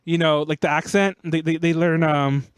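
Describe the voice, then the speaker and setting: Casting: high-pitched man, podcast host, rambling and chatty, dry close mic. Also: fairly even intonation, moderate pace, smooth, no room sound. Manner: rambling storytelling, heavy use of "like". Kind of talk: casual podcast chat.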